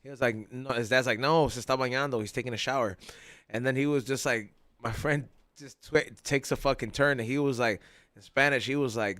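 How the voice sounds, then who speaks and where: A man on a casual podcast telling a long, animated story, full of slang and laughter. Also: medium pitch, brisk, no echo, studio quality.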